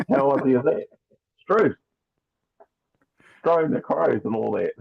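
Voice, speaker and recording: A man's voice: mid-range voice, sing-song, a little slow, vocal fry, husky. A man with a New Zealand accent, chatting casually and rambling as a podcast guest over a video call. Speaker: guest toy customizer. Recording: tinny phone-like call line.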